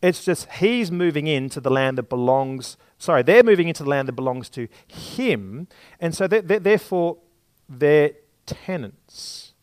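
Male preacher, slightly higher voice, dry close mic, sermon with homely examples. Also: animated, moderate pace, darkish tone, smooth, no room sound. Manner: explains scripture with everyday examples, some restarts.

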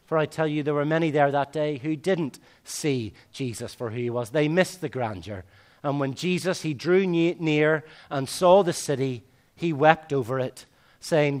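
A man preaching a sermon in a fairly high voice. He swings from loud, emphatic lines to slow, hushed ones.

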